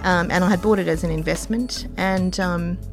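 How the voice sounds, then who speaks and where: A woman with an Australian accent, telling personal stories as an interview guest, in a rambling way with many pauses and fillers. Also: on the low side, fairly even intonation, over music. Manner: rambling, warm-hearted anecdotes with many ums. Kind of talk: casual interview storytelling.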